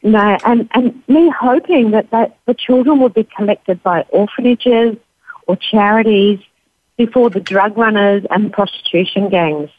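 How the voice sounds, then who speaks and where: A woman's voice: mid-range voice, normal speed, dry recording. A woman in her fifties with an Australian accent, a grandmother and charity founder, answering interview questions as she tells a long story and quotes others in a lifted voice. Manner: warm anecdotal storytelling, quoting others with lifted voice. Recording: dry tinny phone line.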